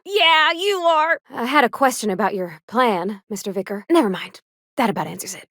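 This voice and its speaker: A shy, kindly young ship engineer with a homespun country drawl, pitched a touch high and swinging up and down with a lively lilt. Her voice sits close and dry with no room around it. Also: no echo. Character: sweet earnest young woman ship engineer. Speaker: game companion character. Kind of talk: video game voice acting.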